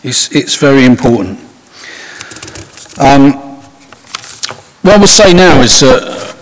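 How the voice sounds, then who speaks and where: A man preaches in a loose, chatty way, circling back with restarts and asides. His voice is a little husky. It rings out with a long reverb, as if recorded in a large church. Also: mid-range voice. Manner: conversational, rambling with many restarts and asides. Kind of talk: informal sermon.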